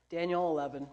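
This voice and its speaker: A woman's voice: low-pitched, a little mellow, highs cut off. A woman pastor delivering a sermon, preaching emphatically and throwing rhetorical questions at the congregation.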